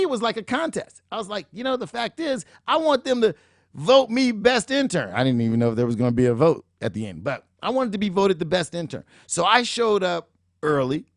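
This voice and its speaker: A middle-aged man hosting a show, telling a motivational story in an animated, emphatic way and acting out the dialogue. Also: high-pitched, dry recording, studio quality. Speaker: show host, motivational speaker.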